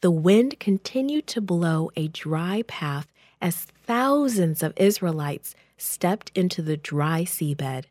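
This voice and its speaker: A woman reading a children's Bible story aloud in a gentle, expressive storytelling voice. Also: lowish voice, no echo, clean studio sound.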